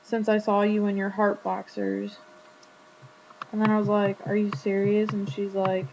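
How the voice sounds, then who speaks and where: A teenage girl tells a story straight to her webcam, stringing it together with "like" and quoted lines. Her voice stays mostly level in pitch. The audio is dull and lo-fi with a faint hum underneath. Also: monotone, moderate pace, creaky. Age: teens. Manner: chatty, retelling a conversation with lots of "like". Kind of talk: casual storytelling vlog.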